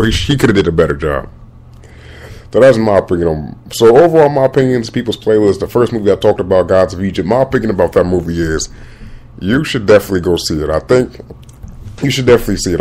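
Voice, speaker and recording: A man's voice: on the low side, a little mellow. A man hosting a podcast, giving casual, rambling movie commentary full of restarts and slang. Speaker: podcast host.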